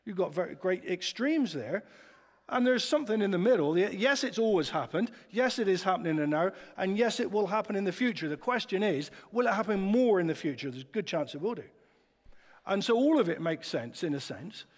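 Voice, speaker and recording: A man preaching a sermon in a chatty, lively way, often putting rhetorical questions to the congregation. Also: high-pitched, fairly quick. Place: church hall. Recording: long church reverb.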